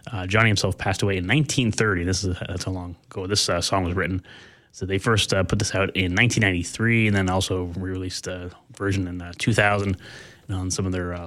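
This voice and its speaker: A man from Canada hosting a radio show in a casual, halting way, with many filler sounds as he reads the weather and introduces songs. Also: low voice, steady tone, a bit bright. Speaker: radio host.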